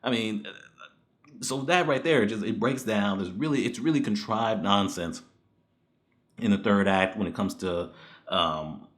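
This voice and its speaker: A man's voice: lowish voice, measured pace, long pauses, a bit bright. A man giving a casual spoken movie review, blunt and profane, ranting in exasperation with frequent laughs.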